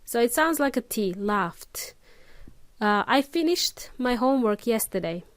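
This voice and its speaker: A woman's voice: a little high, animated, normal speed, dry recording. A woman hosting a podcast English lesson, explaining pronunciation patiently and checking in with her listeners often. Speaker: English teacher, podcast host. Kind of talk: casual spoken lesson.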